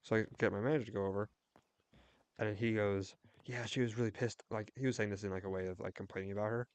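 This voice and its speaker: A man's voice: fairly low pitch, steady tone, clear, resonant tone. Rambling young man streaming a game. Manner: rambling, storytelling with quick restarts. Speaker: livestreamer. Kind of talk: casual chat while gaming.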